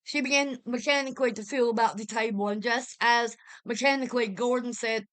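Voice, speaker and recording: Woman narrating a horror tale, higher voice. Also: fairly even intonation, fairly quick, a bit bright. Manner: vivid, dramatic narration. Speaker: reader. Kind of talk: dramatic reading of a pulp horror story.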